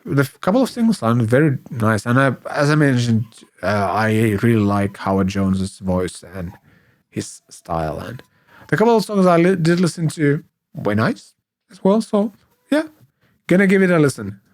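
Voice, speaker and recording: A man co-hosting a podcast in casual chat, hoarse and sick with flu, hesitant and full of fillers. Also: mid-range voice, sing-song, normal speed. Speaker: podcast co-host.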